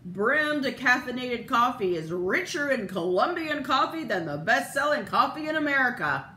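A woman voicing a proud male commercial announcer who pitches a product loudly. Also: very animated, normal speed, echoey room, slight background noise, full character voice.

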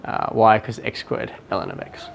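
A man's voice: moderate pace, a little hiss or hum. A man teaching a maths lesson in a casual talk-through, thinking aloud and often checking with "right?". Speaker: math teacher.

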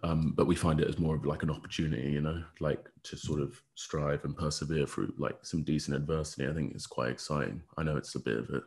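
Very deep-voiced man chatting casually. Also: steady tone, fast, gravelly, hardly any pauses, darkish tone. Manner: rambling, full of fillers like "sort of". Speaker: podcast guest, rugby player. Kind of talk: casual podcast chat.

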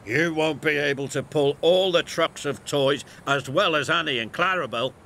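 A man's voice: a little high, normal speed, pushed and bright, a little hiss or hum. A man voicing a big, proud, huffy male engine in a storybook reading.

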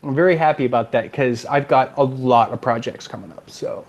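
A man's voice: medium pitch, fairly quick. A man from California with a Californian accent, a game designer chatting as an interview guest and acting out the people in his stories. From California, USA. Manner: animated storyteller, acts out quotes. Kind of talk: casual interview chat.

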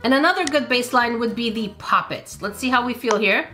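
A woman hosting a gaming video, talking through mobile games in casual let's-play commentary and reacting aloud with laughs and quick exclamations. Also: a little high, a bit bright, soft background music.

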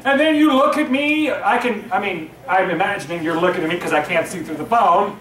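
A man pastor preaching a sermon from the pulpit, lively and joking with his congregation. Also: very high voice, brisk, few pauses. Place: church sanctuary, at the pulpit. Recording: echoey room, voice from far off.

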